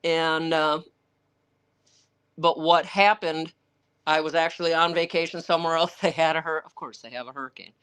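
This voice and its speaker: A woman with a fairly low voice who answers a livestream audience in blunt, rambling anecdotes. She swears now and then without slowing down, and she slips into quoted voices to act out what other people said. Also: fairly even intonation, fairly bright tone, smooth. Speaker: author taking viewer questions. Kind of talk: candid livestream Q&A storytelling.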